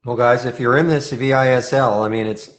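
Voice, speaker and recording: A man's voice: mid-range voice, fairly even intonation, a little fast. Casual man commenting on live trades. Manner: casual, thinking aloud with restarts. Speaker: trading room host.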